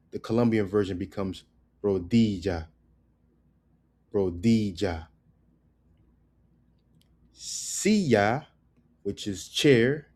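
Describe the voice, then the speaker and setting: A man teaching pronunciation in a casual, joking way, repeating each word slowly. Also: lowish voice, darkish tone. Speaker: Spanish teacher.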